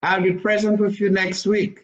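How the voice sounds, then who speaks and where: A man's voice: high voice, level tone, moderate pace, muffled recording. A man giving a rambling video monologue as a self-styled religious leader, crude and defiant in his talk.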